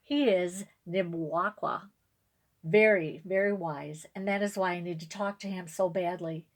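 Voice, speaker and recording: A woman reading a picture book aloud to viewers on camera, gently, pausing for asides to her audience. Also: fairly low pitch, fairly even intonation.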